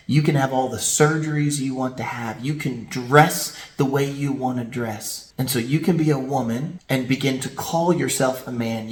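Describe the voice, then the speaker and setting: A male pastor preaching a sermon, telling stories vividly and asking rhetorical questions. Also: medium pitch. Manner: animated storytelling with rhetorical questions. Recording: roomy echo.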